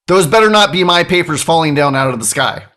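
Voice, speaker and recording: A man's voice: a little high, animated, brisk, sharp tone. A man retelling the words of a self-absorbed male client who insists on his own concerns. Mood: insistent. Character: demanding male investment client on phone.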